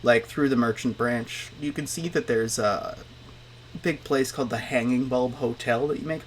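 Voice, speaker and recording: A young man narrating a tabletop role-playing game as game master, in a relaxed, chatty way. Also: medium pitch, moderate pace, a crowd in the background.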